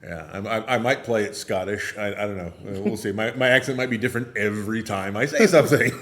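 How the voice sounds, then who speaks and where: A man's voice: lowish voice, fast, a bit bright. A man co-hosting a podcast in casual chat, often restarting words and joking. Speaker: podcast co-host.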